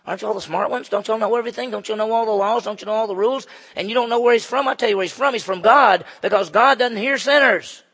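A plainspoken former beggar who once was blind, speaking in a gravelly, emphatic voice, as a preacher acts him out, firing needling questions at his critics. The voice is slightly high for a man and a little husky. A long hall reverb trails behind every word. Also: quick pace, fairly bright tone, exaggerated voice. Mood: mocking.

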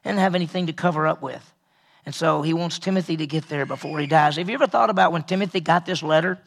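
A man preaching a conversational Bible study sermon, earnest and repetitive, often dropping to a quiet voice for emphasis. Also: fairly high pitch, fast talker, vocal fry. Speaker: pastor teaching a Bible study.

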